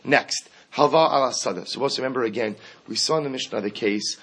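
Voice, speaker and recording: A man teaching a Talmud class, animated, acting out the quoted speakers as he explains each case. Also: medium pitch, fairly quick, slightly rough. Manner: animated, acts out quoted speakers, mixes Aramaic terms into English.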